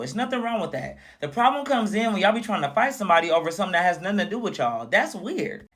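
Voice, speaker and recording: A young man with a high-pitched voice recaps a reality show in casual, sassy commentary. His delivery is animated and mocking as he talks straight to his viewers.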